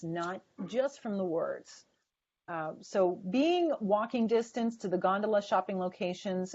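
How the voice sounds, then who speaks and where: A woman's voice: medium pitch, darkish tone. A woman leading a sales training webinar, stressing words in an emphatic coaching tone. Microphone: video call. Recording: dull lo-fi webinar audio.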